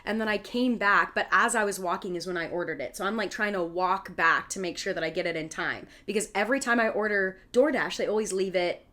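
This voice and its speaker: A woman's voice: medium pitch, fairly quick, few pauses. Young woman rambling through a funny story. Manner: rambling, animated storytelling with swearing and laughter. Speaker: podcast co-host. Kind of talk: casual chat.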